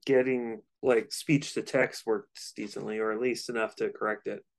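A man co-hosting a podcast with a somewhat low voice. He talks in an easygoing, rambling way, with fillers along the way. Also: fairly even intonation, normal speed, vocal fry. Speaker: podcast co-host. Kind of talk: casual chat.

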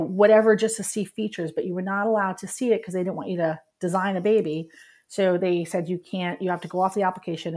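Middle-aged woman guest, low-ish voice, candid and animated storyteller. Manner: candid, animated, laughs while telling. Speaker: guest, writer. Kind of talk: emotional personal storytelling.

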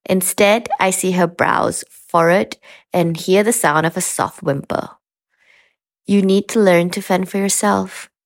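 A woman performs her own short story aloud, swinging between indignant outbursts and quiet asides. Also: fairly low pitch, fairly even intonation, a little slow, no room sound. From Malaysia.

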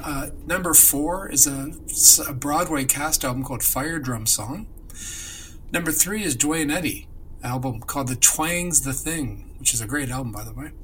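A man from Canada co-hosting a casual chat about music history, enthusiastic and quick to laugh. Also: mid-range voice, a bit bright, a little hiss or hum, rough recording. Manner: enthusiastic, storytelling, laughs often. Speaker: co-host.

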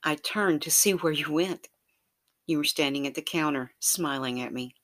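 At a medium pitch and moderate pace, a narrator tells a romantic audio story in the second person. The delivery is soft and intimate, often slipping into a breathy whisper.

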